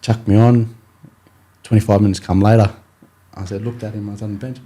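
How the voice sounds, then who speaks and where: A man's voice: fairly low pitch, level tone, fairly quick, warm tone. A young Australian man, a rugby league player, telling his story in a casual interview, rambling with many fillers and acting out his coach's words.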